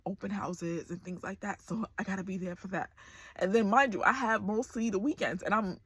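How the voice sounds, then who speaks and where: A woman's voice: mid-range voice, a bit bright, slightly rough. A woman in her forties talking candidly to camera in a personal vlog, emotional and close to tears. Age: 40s. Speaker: vlogger.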